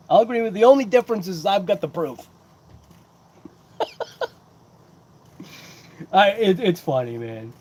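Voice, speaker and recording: Chatty man with a slightly high voice. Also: expressive, unhurried, long pauses, a little mellow. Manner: rambling, talks to chat viewers by name. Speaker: host of a hobby livestream. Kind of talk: casual live-chat unboxing.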